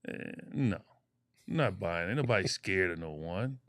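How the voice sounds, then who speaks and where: Low-voiced and speaking at a moderate pace, a Chicago man in his sixties who once played pro basketball co-hosts a casual podcast. He tells animated stories packed with slang and trash talk, and the studio recording is clean with no room sound.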